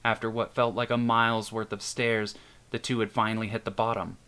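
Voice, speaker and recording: A man narrating a scripted horror story in a steady storytelling manner. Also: lowish voice, fairly quick, clear, resonant tone. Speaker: narrator and author.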